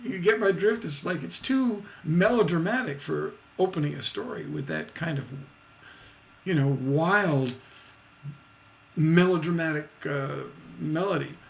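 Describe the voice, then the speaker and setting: Slow-talking man teaching songwriting. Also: on the high side, lively intonation, creaky. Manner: scats rhythms and sings snippets to demonstrate; slow, deliberate explaining. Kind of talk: songwriting lesson, livestream.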